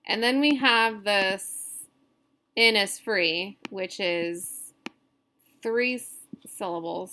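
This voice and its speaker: A woman instructor talks through poetic meter at an unhurried, slow pace. She explains loosely, with many fillers and self-corrections along the way. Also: on the high side, bright, forceful tone. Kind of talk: recorded lecture on poetry meter.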